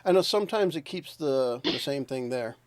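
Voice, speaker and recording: A man running a tabletop game as game master, relaxed and laughing, thinking aloud as he checks the rules. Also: medium pitch, normal speed, no room sound.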